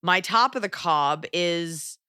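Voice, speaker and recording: A woman in her forties hosts a casual podcast chat, blunt and animated, swearing and darting into asides. Her voice sits low for a woman. The sound is dry and close, with no room around it. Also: takes it slowly, clean tone, no echo. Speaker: podcast host.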